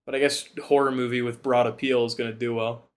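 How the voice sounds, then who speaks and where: A man cohosting a podcast, chatting casually and retelling a film in a rambling, profane, animated way. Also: medium pitch, fast talker. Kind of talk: casual chat.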